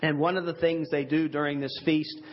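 A man's voice: a little high, level tone, fairly quick, muffled recording. A man preaching a sermon in an earnest, conversational way with rhetorical asides. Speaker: pastor.

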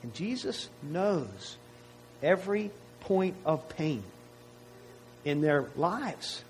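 A man's voice: a little high, big pitch swings, drawn-out words, slight background noise, low-quality recording. A man preaching a sermon to his congregation in a conversational way, often asking rhetorical questions. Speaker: pastor.

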